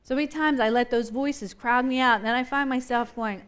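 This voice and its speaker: A woman's voice: a little high, a little fast, few pauses. A woman preaching a sermon, impassioned and repetitive, building up and easing back in intensity.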